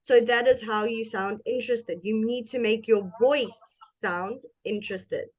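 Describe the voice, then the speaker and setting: Slow, patient woman teaching English. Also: a little high. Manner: slow, patient, demonstrates intonation. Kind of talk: one-on-one language lesson.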